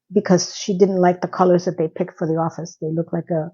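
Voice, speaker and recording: A woman's voice: lowish voice, steady tone, normal speed, mellow, breathy edge, lo-fi sound. A woman casually recapping a TV episode in a chatty, sarcastic, incredulous way. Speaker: TV recap vlogger.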